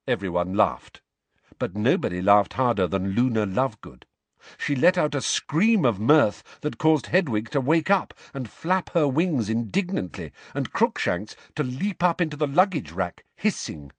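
A male audiobook narrator with a low voice and a lively, swinging delivery. He reads expressively, switching voices for each character. The recording is dry and close. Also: measured pace, no room sound. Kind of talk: storybook narration.

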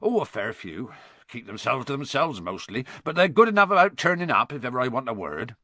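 A man voicing a huge, gruff male half-giant gamekeeper who talks bluntly in fast, rough bursts, as a storybook reading. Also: mid-range voice, very animated, bright, forceful tone, no room sound, full character voice. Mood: grumbling.

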